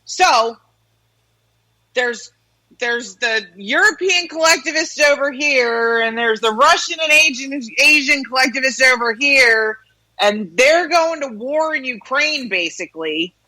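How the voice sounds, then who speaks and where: A woman's voice: high-pitched, lively intonation, unhurried, pushed and bright, low-quality recording. A woman co-hosting a radio show in casual chat, opinionated and ranting, swearing freely. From United States. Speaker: radio co-host.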